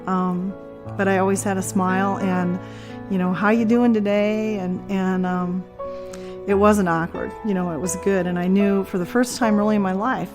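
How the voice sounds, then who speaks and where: This is a middle-aged woman telling her own story in a relaxed, conversational way. Her voice sits at an ordinary pitch, and she is earnest and reflective. Frequent ums and small restarts keep it unpolished. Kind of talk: conversational personal testimony.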